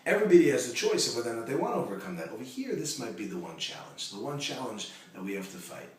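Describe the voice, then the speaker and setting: A male rabbi giving a Torah lesson, telling stories in a lively way with joking asides. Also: mid-range voice, fast talker. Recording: echoey room, mic far off, faint noise.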